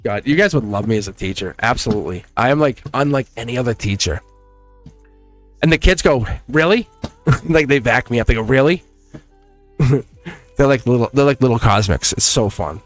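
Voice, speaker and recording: A man's voice: mid-range voice, brisk, faint music behind. Chatty man hosting a tarot livestream. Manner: chatty and animated, laughs often, acts out quoted exchanges. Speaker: tarot reader and channel host. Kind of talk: casual livestream chat to members.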